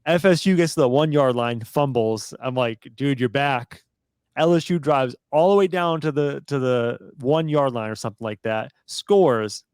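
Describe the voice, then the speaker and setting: A man's voice: medium pitch, moderate pace, a little mellow, clean tone, dry recording. A young man co-hosting a sports podcast, retelling a game with laid-back amusement. His voice sits in the middle, recorded close and dry. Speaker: podcast co-host. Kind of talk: casual sports chat.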